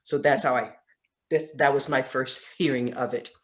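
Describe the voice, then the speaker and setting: A woman's voice: very deep voice, fairly even intonation, normal speed. A woman with a Southern accent leading a Bible study over a video call, telling a personal story in an earnest, storytelling manner. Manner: earnest, storytelling, laughs often. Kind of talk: conversational Bible teaching.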